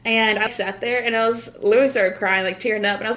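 A woman's voice: fairly high pitch, quick pace, bright, forceful tone. A young woman from the United States talking casually about her faith, with lots of fillers and frequent laughs. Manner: chatty, lots of "like" and "literally", laughs often. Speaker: guest.

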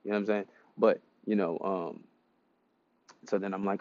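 Gravelly low-voiced man, blunt and profane. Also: fairly even intonation, moderate pace, darkish tone, muffled recording. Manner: blunt, profane, rambling storytelling. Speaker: dating advice podcaster. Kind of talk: casual monologue.

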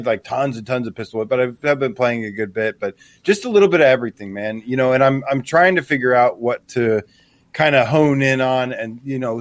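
A man's voice: mid-range voice, no echo. Laughing, chatty male podcast co-host. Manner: enthusiastic, laughs often, restarts. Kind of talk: casual live show banter.

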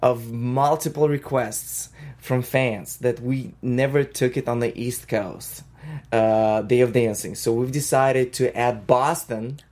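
A woman with a Russian accent, a professional dancer and choreographer, chatting in an interview with lots of fillers and quick bursts. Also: very deep voice, steady tone, darkish tone. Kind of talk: casual interview talk.

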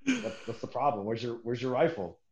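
A man's voice: mid-range voice, big pitch swings, fairly quick, darkish tone, a little hiss or hum. A man casually telling a military story, swearing often, laughing, and acting out the people he quotes. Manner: profane, laughing, acts out quoted voices. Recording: roomy, dull lo-fi sound.

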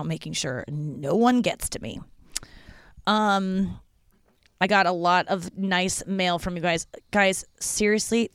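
A woman's voice: low voice, no echo, clean studio sound. A young woman hosting a casual solo podcast from her porch at home, chatty and rambling, swearing freely. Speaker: podcast host.

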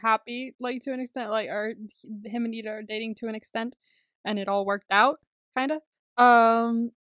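High-voiced chatty woman, dry close mic. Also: fairly even intonation, moderate pace, a bit bright, dry recording. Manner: chatty, laughs often, acts out quotes. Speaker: podcast co-host. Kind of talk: casual chat.

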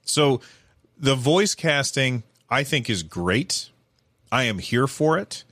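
A man's voice: medium pitch, slow, dry recording. Rambling man in dry casual commentary. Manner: animated, rambling with many fillers and restarts.

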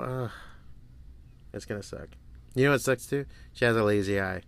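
A man's voice: medium pitch, lively intonation, a little fast, a bit bright, clean tone, dry recording. A man in his forties hosting a solo podcast, telling stories in a crude, rambling way and swearing freely. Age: 40s. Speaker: podcast host. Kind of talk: casual solo podcast monologue.

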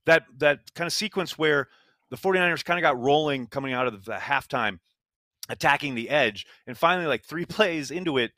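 A man's voice: on the high side, brisk, pushed and bright, no room sound. A man co-hosting a casual sports podcast, talking emphatically with frequent exclamations. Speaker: podcast co-host.

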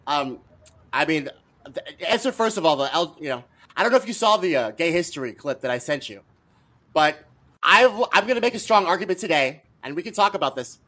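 A man's voice: fairly high pitch, expressive, brisk, bright, forceful tone. A man appearing as a guest on a political podcast, talking in a teasing, argumentative way. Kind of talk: casual political podcast chat.

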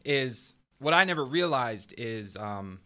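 A man's voice: medium pitch, slow. A man, a comedian guest, telling anecdotes about substitute teaching in a casual chat. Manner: animated anecdotes with laughs.

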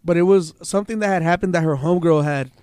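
A man's voice: on the high side, a little mellow, clear, resonant tone, no room sound, studio quality. A young man and podcast co-host telling crude, profane stories in casual chat, quoting himself and others as he goes. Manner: profane, quotes himself and others in rapid retellings.

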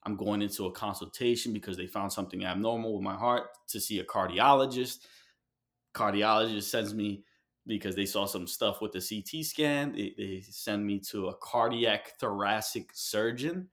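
A man's voice: lowish voice, fairly bright tone. Man from New York telling a heartfelt story. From New York City. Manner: heartfelt, halting, many fillers and restarts. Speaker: guest artist. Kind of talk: candid personal storytelling in an interview.

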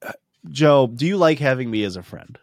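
A man's voice: medium pitch, lively intonation, fairly quick, no room sound, studio quality. A man co-hosting a podcast, rambling through profane jokes and laughing at his own bits. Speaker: podcast co-host. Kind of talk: casual comedic chat.

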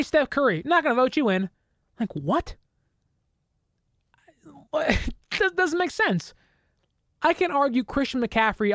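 A woman giving an opinionated sports talk to camera, indignant and animated, slipping into mocking quoted voices. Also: fairly high pitch, dry recording, studio quality. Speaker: sports commentator.

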